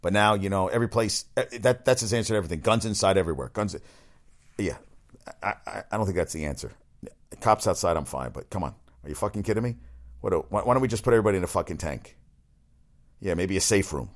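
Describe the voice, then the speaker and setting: A man with a very low, deep voice hosts a loose talk segment. He rambles in a blunt, opinionated way, often restarting his sentences and swearing freely. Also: fast talker. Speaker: show host. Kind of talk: casual chat.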